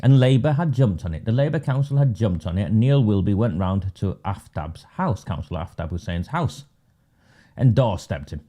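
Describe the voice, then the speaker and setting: A man's voice: on the low side, animated, normal speed, warm tone. A man hosting a live webinar, delivering sarcastic, mocking commentary. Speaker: webinar host and political campaigner.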